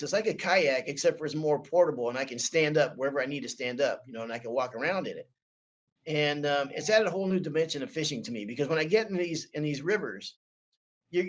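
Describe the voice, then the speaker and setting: A man in his sixties, a co-host chatting casually and telling long rambling stories, peppered with "man" and "you know what I mean". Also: on the high side. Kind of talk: casual storytelling chat.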